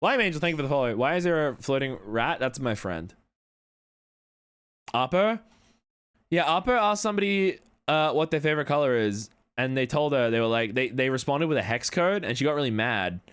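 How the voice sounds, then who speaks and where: Young adult male streamer, casual rambling chat, animated swings in pitch, clear resonant tone, loose with the swearing. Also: fairly quick.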